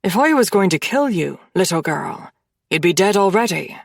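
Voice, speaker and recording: A woman voicing a cold, dangerous mafia man who speaks calmly and conversationally, with quiet menace in an audiobook. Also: on the low side, moderate pace, creaky, dry recording, studio quality, exaggerated voice. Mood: menacing calm. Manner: calm, conversational, quietly threatening.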